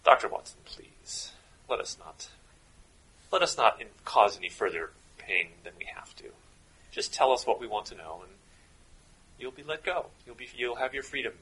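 Man putting on a cold, polite German officer of the Great War, mock accent, bright and husky, tabletop-game villain. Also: mid-range voice, expressive, normal speed, pitched above the performer's own voice, exaggerated voice, poor audio. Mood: coldly menacing. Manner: silky, coldly polite threats. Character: menacing male German WWI army interrogator.

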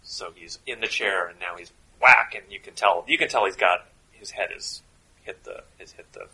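A man running a tabletop role-playing game, narrating in a relaxed way with chuckles and fillers. His voice is bright and somewhat husky, pitched a bit low. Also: moderate pace, rough recording. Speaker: game master.

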